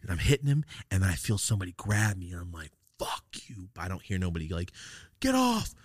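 A man's voice: low voice, animated, racing, no room sound, studio quality. A man hosting a podcast, telling a rambling, profane story in casual chat. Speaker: podcast host.

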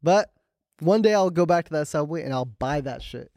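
A young man co-hosting a casual comedy podcast, telling animated stories, swearing freely and acting out the people he quotes. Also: a little high, moderate pace, no room sound, studio quality. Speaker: podcast co-host.

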